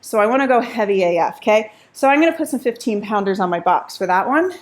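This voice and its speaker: A woman's voice: medium pitch, expressive, fast. A woman Pilates instructor leading a workout class while exercising along, out of breath at times, counting reps and cheering.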